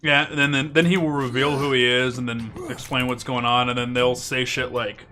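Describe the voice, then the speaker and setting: A man's voice: medium pitch, little pitch movement, brisk, pushed and bright, soft background music. A young man chatting casually while gaming, telling a story animatedly, swearing often and laughing mid-sentence. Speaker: co-op gaming channel host.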